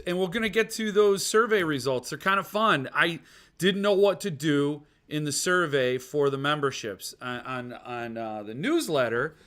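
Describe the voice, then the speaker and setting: A man with a slightly high, bright, forceful voice hosts a casual live stream. He rambles and reads viewer comments aloud, answering with jokey, self-deprecating asides. His talk wanders and restarts as he chats with the viewers. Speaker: podcast host.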